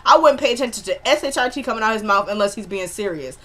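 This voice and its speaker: A woman casually recapping a TV episode in an animated, chatty way, spelling out her swear words. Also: mid-range voice, fast. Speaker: TV episode reviewer.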